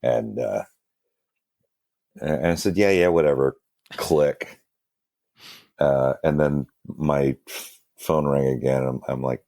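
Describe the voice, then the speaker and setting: A man's voice: extremely low pitch, slow, gravelly, pauses often, a little mellow, no echo, clean studio sound. A man, a guest musician, telling rambling, self-deprecating stories in a casual interview, with lots of fillers and restarts. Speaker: guest musician, band singer.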